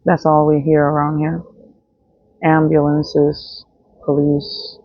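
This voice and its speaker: Blunt, profane woman with a gravelly voice. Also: low voice, completely flat delivery, takes it slowly, no echo. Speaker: vlogger. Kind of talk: unscripted monologue. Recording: dull, dry, lo-fi sound.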